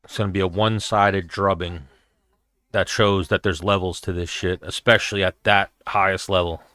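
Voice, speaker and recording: Man, low voice, smooth and clear, dry close sound, casual profane reaction commentary. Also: little pitch movement, moderate pace, bright, forceful tone, no room sound. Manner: profane, storytelling. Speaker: show host.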